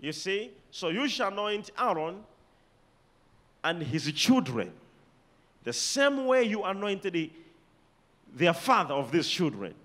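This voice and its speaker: Preaching a sermon, a Malawian man uses a high, bright, forceful voice with big swings in pitch and loudness. He reads scripture slowly and gets the congregation to repeat key words and underline them.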